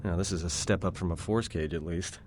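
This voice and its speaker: A man's voice: deep voice, fairly even intonation, fairly quick, darkish tone, voice pushed down. A man voicing a wry, restless young male spacer who talks with sarcasm.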